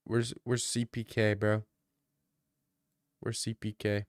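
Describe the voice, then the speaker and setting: A man's voice: lowish voice, little pitch movement, slow pace, no room sound, clean studio sound. A man on a stream casually answering viewer questions, joking and ranting in mock outrage.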